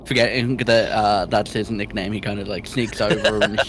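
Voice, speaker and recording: A man's voice: fairly low pitch, fairly even intonation, moderate pace, hardly any pauses, a bit bright, a little hiss or hum. A man playing in a tabletop game, hesitant with lots of uhs, then talking in character. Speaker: player. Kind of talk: casual tabletop game chat.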